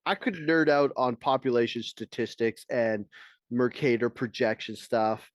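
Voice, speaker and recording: A man's voice: mid-range voice, measured pace, dry recording. A man co-hosting a podcast in casual chat, rambling nerdily and swearing offhandedly. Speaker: podcast co-host.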